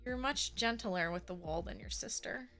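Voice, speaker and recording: A woman's voice: mid-range voice, moderate pace, bright, forceful tone, soft background music. A young woman hosting a casual livestream chat from her desk at home on a webcam. She is chatty and playful and coos to her cat. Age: young adult. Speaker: livestream host.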